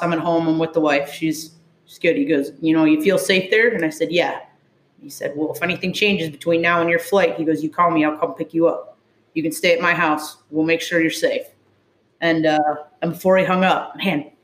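Blunt, profane woman in an echoey room. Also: on the low side. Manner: blunt, profane, emotional storytelling. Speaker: first responder guest. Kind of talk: candid interview storytelling.

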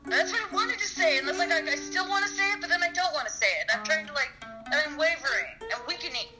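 Woman caller, kinda high voice, rambly and swearing a lot, emotional. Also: fast, over music, poor audio. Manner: rambling, profane, emotional storytelling. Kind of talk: casual live-stream call.

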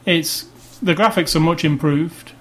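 A man's voice: fairly high pitch, measured pace, fairly bright tone. A man co-hosting a podcast in casual chat, rambling and laughing as he jokes. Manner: rambling, jokey, laughs often. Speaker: podcast co-host.

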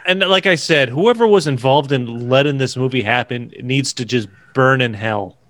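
A man's voice: mid-range voice, moderate pace, a bit bright. A man co-hosting a casual movie review podcast, ranting and swearing. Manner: ranting, profane. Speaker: podcast co-host.

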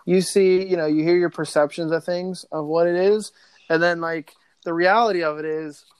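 Man, casual talker who rambles and hedges; smooth resonant voice, a bit high, dry close sound. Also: steady tone, moderate pace, dry recording. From Pittsburgh area. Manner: rambling, lots of likes and ums. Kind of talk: casual chat.

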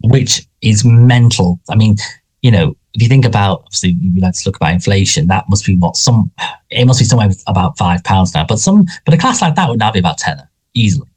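A podcast co-host with a lowish, husky, slightly mellow voice talks fast with lively intonation. Chatting casually about a sitcom, he rambles and keeps restarting and using fillers.

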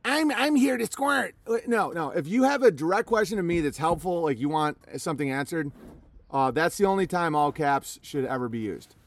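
A man's voice: fairly high pitch, expressive, a little fast, dry recording. A man live streaming, talking casually to his chat in a rambling way with many restarts.

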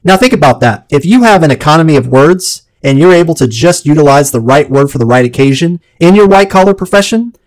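A man's voice: fairly high pitch, lively intonation, quick pace, hardly any pauses, low-quality recording. Wordy, theatrical man on a podcast. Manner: wordy and theatrical, with punchy lists. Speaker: podcast host. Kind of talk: solo podcast monologue.

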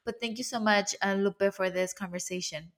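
A woman's voice: mid-range voice, fairly even intonation, moderate pace. A woman hosting a podcast in casual conversation, chatty and mixing in Spanish words. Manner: chatty, warm-hearted, mixes in Spanish words. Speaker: podcast host.

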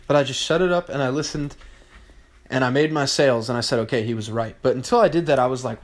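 A man hosting a solo podcast, talking bluntly and with profanity, repeating his points and often clearing his throat. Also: medium pitch, quick pace. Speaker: podcast host.

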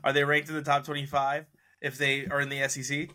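A man co-hosting a sports debate show, pushing back with skeptical jabs and frequent laughs. His voice is bright with an edge of tension. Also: medium pitch, monotone, quick pace. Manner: skeptical, teasing, laughs often. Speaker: sports talk co-host.

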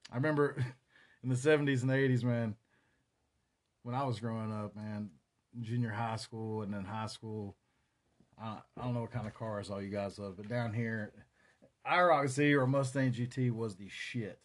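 A man's voice: fairly low pitch, steady tone, normal speed. A man in his forties with a North Carolina Southern accent, hosting a solo podcast and reminiscing in a rambling, profane, casual way. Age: 40s. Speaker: podcast host.

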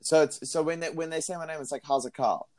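A man's voice: a little high, little pitch movement, quick pace, darkish tone. A young man from Africa, chatting casually and rambling through his stories with frequent restarts. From South Africa. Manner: rambling, self-correcting. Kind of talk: casual chat.

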